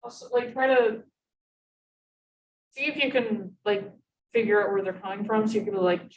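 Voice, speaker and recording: A woman's voice: medium pitch, fairly even intonation, normal speed. A woman in a club discussion offering an idea, hesitant and full of fillers. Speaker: club member. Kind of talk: casual group discussion. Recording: echoey room, speaker far from mic.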